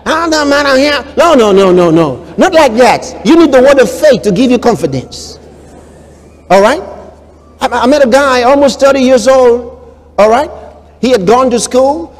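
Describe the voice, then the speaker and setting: Male pastor, preaching, high voice, dramatic loud and soft swings, reverberant hall. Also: expressive, normal speed. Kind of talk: sermon.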